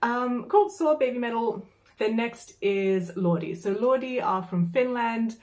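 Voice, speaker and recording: A woman's voice: fairly high pitch, a little slow, a little mellow, faint music behind. A woman vlogger telling a casual story, chatty and exasperated, with lots of fillers and the odd swear.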